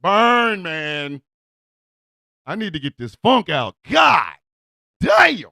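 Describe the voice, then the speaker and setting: A male radio host with a strikingly high, gravelly voice that leaps all over the place. He drags his words out slowly in a dry, close sound, yelling and cursing through a comic rant. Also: huge pitch swings, no room sound.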